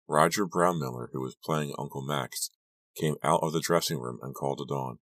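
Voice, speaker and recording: Very deep-voiced man narrating a story. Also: dry recording, studio quality. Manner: steady, measured storytelling. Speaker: audiobook reader. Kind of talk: scripted first-person narration.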